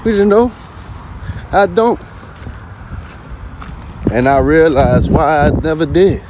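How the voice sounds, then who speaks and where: A man's voice: on the high side, expressive, takes it slowly, noisy background. Slangy man talking outdoors. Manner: slangy, peppered with "you hear me". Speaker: vlogger. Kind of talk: casual spoken monologue.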